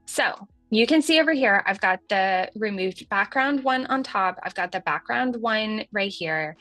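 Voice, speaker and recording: A woman's voice: medium pitch, lively intonation, measured pace, fairly bright tone, dry recording, soft background music. Chatty woman with a light Southern accent. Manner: chatty and folksy, says y'all, laughs at herself. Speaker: livestream host demonstrating software. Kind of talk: casual on-screen tutorial.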